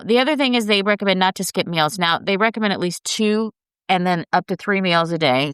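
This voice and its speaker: A woman's voice: mid-range voice, a bit bright, clean tone, no room sound, studio quality. A middle-aged woman hosting a show, talking casually and earnestly to her viewers about health and weight loss in a coaching way. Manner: earnest, coaching, addresses listeners as guys. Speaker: podcast host.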